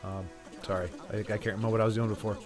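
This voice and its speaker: A man's voice: fairly low pitch, little pitch movement, rapid-fire, soft background music. A man giving casual, sarcastic commentary while playing a video game. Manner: sarcastic, joking asides. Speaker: let's play streamer.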